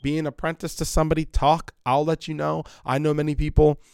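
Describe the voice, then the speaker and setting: A man's voice: on the high side, quick pace, vocal fry, smooth, no room sound, studio quality. A man hosting a podcast from his basement, rambling bluntly and swearing in a casual monologue. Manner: rambling, blunt, profane, animated. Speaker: podcast host. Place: home basement.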